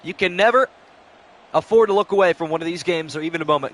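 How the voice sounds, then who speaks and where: High-voiced young male stream commentator. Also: quick pace, fairly bright tone. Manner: switches between announcer calls and casual replies to chat. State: short on sleep. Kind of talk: live-stream play-by-play commentary.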